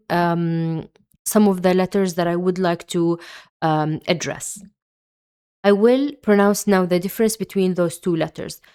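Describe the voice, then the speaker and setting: A woman teaches a beginners' pronunciation lesson, saying every letter and word several times over. She speaks slowly and carefully in a slightly low voice, patient and plain. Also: darkish tone, smooth. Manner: patient, repeats each sound several times. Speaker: Arabic teacher.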